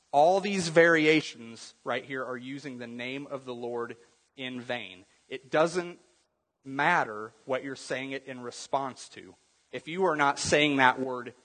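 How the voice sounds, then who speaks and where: Male pastor, slightly high voice, earnest conversational sermon, long reverb of a church hall. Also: a bit bright. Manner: earnest, conversational preaching with bursts of humor. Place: church sanctuary.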